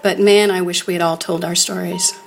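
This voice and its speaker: A woman's voice: on the low side, little pitch movement, a little fast, gravelly, faint music behind. A woman telling a grave personal story in an earnest way, sometimes dropping almost to a whisper. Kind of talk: personal storytelling before an audience.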